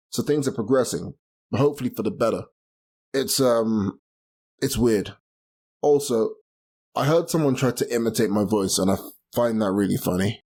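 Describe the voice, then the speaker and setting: A man's voice: fairly low pitch, a little mellow. A young man from London hosting a solo podcast, rambling casually and laughing at his own slips. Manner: rambling, self-deprecating, laughs at himself. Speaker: podcast host.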